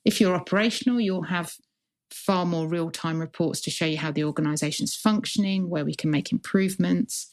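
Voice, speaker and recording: Fairly low in pitch and talking a little fast, a woman who serves as a hospital CIO responds to interview questions earnestly and reflectively, laying out her points as lists.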